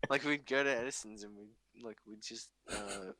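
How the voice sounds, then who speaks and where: A man's voice: fairly low pitch, normal speed, pushed and bright. A young man hosting a podcast, telling stories in a rambling, swear-filled casual chat with frequent laughs. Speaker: podcast host.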